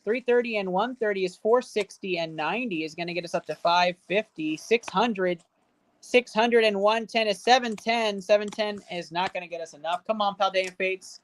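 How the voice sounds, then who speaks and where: A woman with a mid-pitched voice runs a casual live stream from an indoor setup, counting up card values out loud in quick running tallies. She cheers and banters with the viewers in chat between counts. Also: slight background noise. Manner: rattles off running card value totals aloud. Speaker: livestream host opening card packs.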